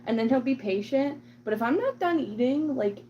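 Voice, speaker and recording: A woman's voice: high voice, animated, moderate pace, dull audio, slight background noise. A woman vlogging casually about her cat, rambling with lots of "like" and "um", and slipping into cooing baby talk with the cat. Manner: chatty, rambling, full of "like" and "um". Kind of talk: casual chat to camera.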